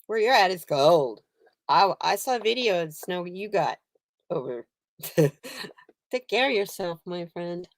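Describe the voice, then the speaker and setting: A woman's voice: fairly low pitch, expressive, measured pace, long pauses, dry recording. Chatty woman in her sixties hosting a live stream. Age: 60s. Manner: chatty, greets viewers mid-story, laughs often. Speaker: livestream host and card reader. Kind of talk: casual live-chat storytelling.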